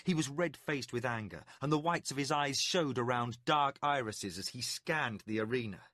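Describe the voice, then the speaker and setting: A man reading a fantasy audiobook as scripted narration, dramatic and expressive. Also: mid-range voice, moderate pace, no room sound, clean studio sound.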